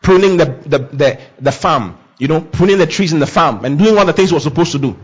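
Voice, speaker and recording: Male preacher, husky and emphatic, with a muffled lo-fi recording. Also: a little high, expressive, fairly quick. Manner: emphatic, repetitive declarations, swings from loud to hushed. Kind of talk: sermon. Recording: dull lo-fi sound.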